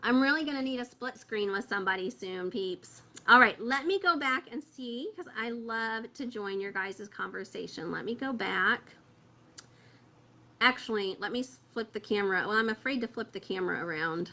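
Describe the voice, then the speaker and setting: Woman host, casual livestream chat, close phone mic, bright and slightly high, filler-heavy. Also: expressive, moderate pace. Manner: chatty, many fillers, reads viewer comments aloud. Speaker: host of a parent membership group. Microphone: phone held close.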